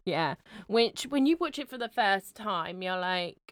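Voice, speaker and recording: A woman's voice: mid-range voice, a little slow, no echo. A woman co-hosting a podcast, chatting casually about a film and laughing often. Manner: laughs often, relaxed and drawn out. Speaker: podcast co-host.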